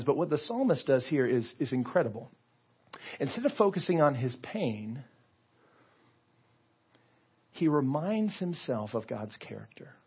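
A man preaching in a church with a fairly high, husky voice. He talks earnestly and conversationally and often restarts his phrases. The recording is a bit dull and lo-fi. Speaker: pastor. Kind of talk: sermon. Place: church sanctuary.

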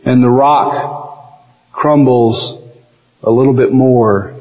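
A man's voice: medium pitch, steady tone, slow. A man with a Southern US accent preaching a sermon, telling folksy stories and acting out the quotes he reads. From American South. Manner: folksy storytelling with acted-out quotes. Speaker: pastor. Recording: dull lo-fi recording in a reverberant hall.

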